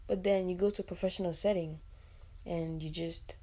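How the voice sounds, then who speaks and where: A woman's voice: on the low side, steady tone, normal speed, mellow. A Nigerian woman hosting a podcast, talking casually and expressively on her own, with many "like" fillers and asides. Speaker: podcast host. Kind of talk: casual solo podcast talk.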